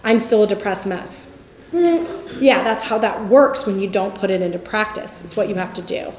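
A woman in her forties giving a Bible teaching talk in a lively storytelling manner. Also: mid-range voice, moderate pace. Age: 40s. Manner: lively storytelling, acts out quotes with laughs. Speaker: campus ministry speaker. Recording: echoey room.

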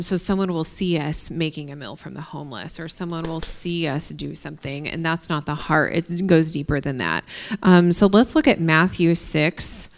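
A woman with a low voice speaks at a campus ministry workshop. She reads scripture and explains it in a hesitant manner, pausing on frequent fillers. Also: a little hiss or hum. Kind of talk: workshop talk with scripture reading.

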